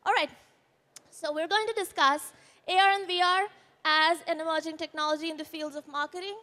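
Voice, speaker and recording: A woman's voice: very high-pitched, steady tone, a little fast, pushed and bright. A woman with an Indian English accent giving a conference presentation, explaining earnestly while her voice quivers after an accident. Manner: earnest, explanatory, with brief apologies. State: voice quivering, shaken. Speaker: conference speaker. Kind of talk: presentation talk. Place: conference stage.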